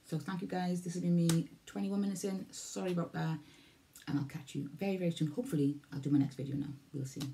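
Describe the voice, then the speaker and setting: A woman's voice: on the low side, steady tone, fast, creaky, mellow, a little hiss or hum. A Welsh woman in her forties talking casually to camera, rambling, repeating herself and losing her thread. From Wales. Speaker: vlogger. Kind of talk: casual vlog talk to camera.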